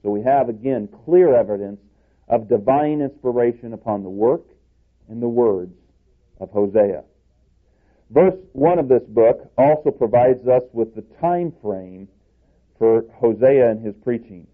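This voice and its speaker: A male preacher giving an expository sermon in a measured, explanatory way, restarting phrases now and then. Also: medium pitch, animated. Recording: tinny phone-like sound.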